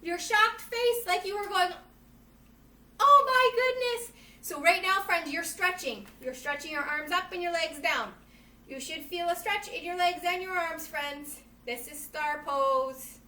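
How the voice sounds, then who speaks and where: A high-voiced woman teaching yoga to children, reading from a storybook and cheerfully coaching poses. She sounds a little distant from the mic, and her voice rings around an echoey room with faint ambience behind her. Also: a little slow, slight background noise. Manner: animated, playful, addresses children as friends.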